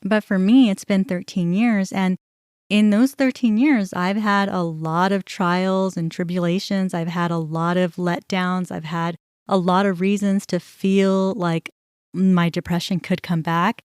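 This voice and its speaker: A woman in her forties hosts a podcast and talks through a personal story in an open, conversational way, filling her sentences with casual asides. Her voice sits fairly low and sounds smooth and clear. The recording is close and dry, with no room sound. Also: steady tone, a little slow, darkish tone, no echo. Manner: candid, conversational, many "you know" and "like" fillers. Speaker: podcast host.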